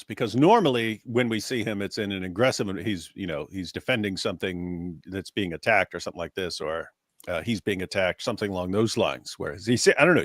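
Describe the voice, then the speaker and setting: A man co-hosting a livestream, teasing his partner in easy banter. His pitch swings widely, and the sound is dry and close. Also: dry recording. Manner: animated, teasing, mimics others in high voices. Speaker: livestream co-host. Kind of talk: casual banter.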